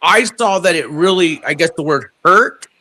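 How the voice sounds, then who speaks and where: A man hosting a livestream who asks questions haltingly, often restarting his sentences. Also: a little high, animated, sharp tone. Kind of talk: casual chat.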